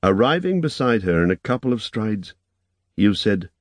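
A man narrates an audiobook in a measured, even storytelling style. His voice sits on the low side, and there is no room sound.

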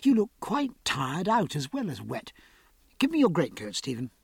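A fussing, solicitous young woman, put on by a male audiobook reader. Her lines lift a little higher and swing in lively turns, with a husky edge. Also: no echo, studio quality, exaggerated voice. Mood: fussing, warm. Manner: solicitous and brisk. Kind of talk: audiobook character voice.

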